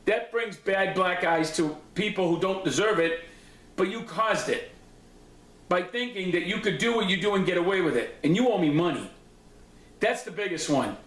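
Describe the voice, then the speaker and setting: Angry man, profane and confrontational, fairly high pitch, echoey home recording. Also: expressive, moderate pace, fairly bright tone. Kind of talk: angry personal recap monologue. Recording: echoey room.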